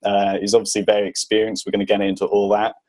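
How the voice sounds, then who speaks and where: A man's voice: on the low side, monotone, fast talker, darkish tone. A British man from the UK hosting a fitness podcast in a casual, chatty way, with lots of fillers. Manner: chatty, laid-back, with many fillers. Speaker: podcast host.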